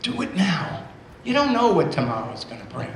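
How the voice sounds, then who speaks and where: Speaking to a school assembly as a guest, a man in his sixties tells motivational stories, repeating key phrases to drive them home. His high voice swings hugely in pitch at normal speed. The recording has roomy hall sound, faint ambience, and slight background noise.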